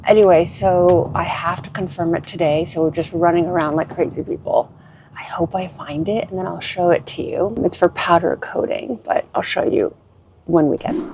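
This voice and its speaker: A woman's voice: mid-range voice, darkish tone, slight background noise. A young adult woman vlogging to the camera, chatty and effusive, narrating her day while walking through streets and shops. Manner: chatty, effusive, calls viewers darling. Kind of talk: casual vlog narration to camera.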